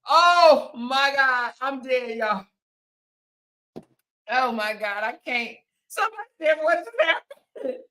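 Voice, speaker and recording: Host: woman, high bright voice, slow unhurried delivery, laughing to tears throughout a casual chat. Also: lively intonation. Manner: laughing hard, breaking up between lines. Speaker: talk show host reading viewer comments.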